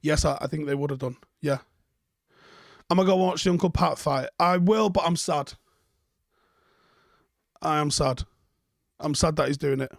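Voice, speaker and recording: A man's voice: on the high side, fairly quick, gravelly, no room sound, clean studio sound. A man hosting a live stream, chatting casually and bluntly while reading out viewer comments, swearing freely.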